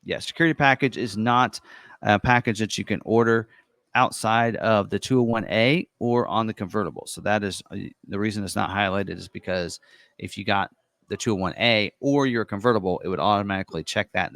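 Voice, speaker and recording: A man giving a casual, unscripted walkthrough of an online configurator, chatty and full of ums and quick self-corrections. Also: on the low side, fairly bright tone, no room sound, studio quality. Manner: casual and chatty, many ums and uhs, corrects himself on the fly. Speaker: car presenter walking through an online configurator.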